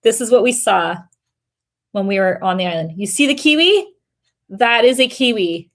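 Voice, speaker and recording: A middle-aged woman from Canada hosting a casual family live stream, telling animated stories with quick asides. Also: on the high side. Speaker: family travel channel host.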